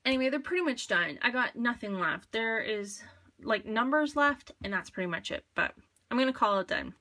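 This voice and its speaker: A woman vlogger showing her scrapbook layouts in a casual, rambling show-and-tell chat, full of fillers and quick asides. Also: a little high, animated, pushed and bright. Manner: chatty, rambling, many fillers.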